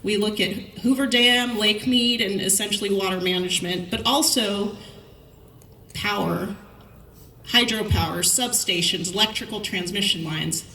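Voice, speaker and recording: A middle-aged woman delivers a commencement speech as lively storytelling. Her voice is bright and crisp, heard from some distance off the mic. It rings through an echoey hall over a faint wash of room noise. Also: mid-range voice, moderate pace. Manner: storytelling, lively anecdotes with quoted dialogue. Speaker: commencement speaker.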